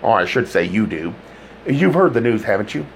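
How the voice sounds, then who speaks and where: A man's voice: lowish voice, sing-song, moderate pace, creaky, a little hiss or hum. A man narrating an audiobook voices a bossy, impatient middle-aged woman on the phone.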